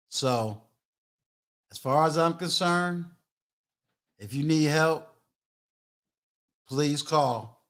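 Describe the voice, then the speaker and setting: An older man hosting a live-streamed talk show, emphatic, booming out introductions and shout-outs. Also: very slow, long pauses. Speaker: host.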